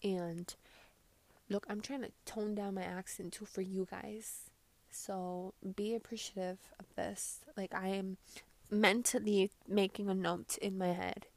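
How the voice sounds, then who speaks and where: Gravelly woman ranting with heavy swearing. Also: mid-range voice, flat delivery, unhurried. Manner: swings between loud outbursts and muttered asides. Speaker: vlogger reacting to posts. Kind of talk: casual profane rant.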